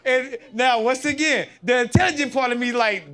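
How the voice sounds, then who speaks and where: A man doing live stand-up on a club stage, telling stories in an animated, chatty way, often checking in with the crowd and laughing at his own punchlines. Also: very high voice, moderate pace. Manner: animated, chatty, keeps asking the crowd "you know what I mean". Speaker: stand-up comedian.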